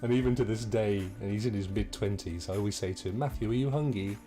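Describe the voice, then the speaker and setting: A man's voice: fairly low pitch, fast, mellow, soft background music. Middle-aged Englishman casually commentating a game. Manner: chatty and jokey, talks to viewers. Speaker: game streamer. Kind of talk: casual let's-play commentary.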